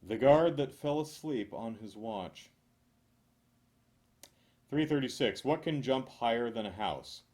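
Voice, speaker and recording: Slow deadpan male joke reader with a lively, swooping delivery and dry asides. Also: medium pitch. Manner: deadpan, dry asides, chuckles at own jokes. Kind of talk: reading jokes aloud with asides.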